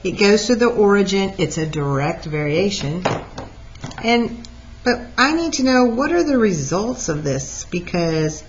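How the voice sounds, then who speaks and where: A woman teacher walking through a math lesson out loud, lively and talking through each step. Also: medium pitch, a little slow, a little hiss or hum. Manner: lively, talks through steps aloud. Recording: dull lo-fi recording.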